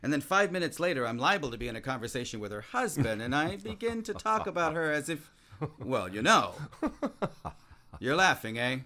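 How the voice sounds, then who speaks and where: A man plays a restless, voluble man-about-town in a stage play. His voice sits a little high, and he talks in a bright, ringing tone. He trips over his own words as his lines swoop up and down. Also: a little fast, heavily acted. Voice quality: voluble and excitable, with frequent restarts. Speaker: actor in a play. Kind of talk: theatrical stage-play acting.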